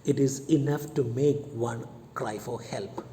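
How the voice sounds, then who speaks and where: A woman's voice: a bass voice, a little slow, dark tone. A woman teaching English literature, retelling and explaining a play with dramatic first-person paraphrase. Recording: echoey room with faint noise.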